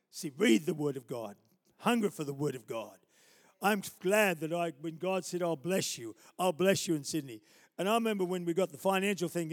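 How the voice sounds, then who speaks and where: A male pastor with a voice pitched a little high delivers a sermon, mixing humorous personal anecdotes and little laughs with surges of loud, emphatic preaching. His words ring out with a long tail of reverb from a large church hall. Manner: storytelling with chuckles, building to loud emphatic preaching.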